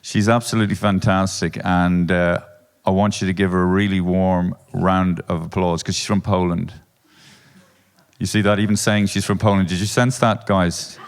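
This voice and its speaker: A man's voice: deep voice, flat delivery, moderate pace, hardly any pauses, clean tone. Sweary Irish man hosting a live podcast. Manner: loud, sweary, sardonic stage banter. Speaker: comedian podcast host. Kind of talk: live comedy podcast banter. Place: live venue before an audience.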